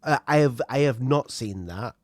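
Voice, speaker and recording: A man's voice: mid-range voice, lively intonation, normal speed, dry recording, clean studio sound. A man co-hosting a podcast, giving short replies with stammered restarts. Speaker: podcast co-host. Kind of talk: casual podcast chat.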